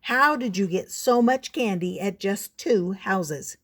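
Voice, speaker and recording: Gruff helpful policeman, read by an older woman, brisk. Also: mid-range voice, lively intonation, a bit bright. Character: police officer, gruff but helpful man.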